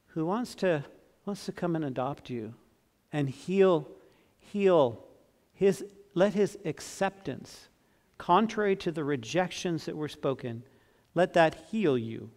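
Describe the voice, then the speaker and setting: A man in his sixties preaching a sermon as pastor, earnest, swinging from emphatic to soft and tender. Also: fairly high pitch. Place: church sanctuary. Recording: long church reverb.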